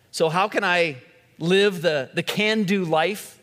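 Earnest preacher in an echoing hall. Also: male voice, high-pitched, slow pace, fairly bright tone. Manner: storytelling, earnest, emphatic on key words. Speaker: pastor. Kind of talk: sermon. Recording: long echoing hall reverb.

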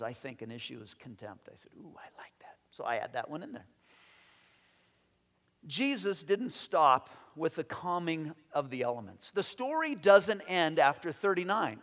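Male pastor, high voice, lively sermon delivery with acted-out quotes, hall reverb. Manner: animated, acts out voices in quotes, repeats words.

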